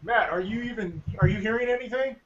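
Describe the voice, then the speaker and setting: A man's voice: sits high, fast, a crowd in the background. A man hosting a casual podcast over a video call, joking and slangy. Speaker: podcast host. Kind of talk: casual chat. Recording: dull lo-fi call audio.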